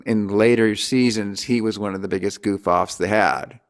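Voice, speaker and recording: A man's voice: lowish voice, normal speed. A man, an actor being interviewed, casually telling an anecdote. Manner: relaxed storytelling, quotes others in a put-on voice.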